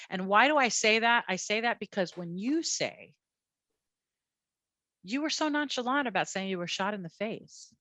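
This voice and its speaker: A woman police officer telling her story as a guest, animated and blunt, often repeating her words. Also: mid-range voice, normal speed, no echo. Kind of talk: candid personal storytelling.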